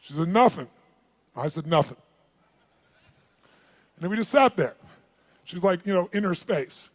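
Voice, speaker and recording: High-voiced man telling a seminar story. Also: brisk. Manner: animated, calls on the audience, acts out dialogue. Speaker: motivational speaker.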